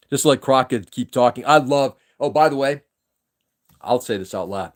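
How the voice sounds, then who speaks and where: A man's voice: medium pitch, moderate pace. Emphatic opinionated man ranting on a stream. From New England. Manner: opinionated, emphatic, restarts sentences often. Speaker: livestream host. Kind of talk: casual political rant on a livestream.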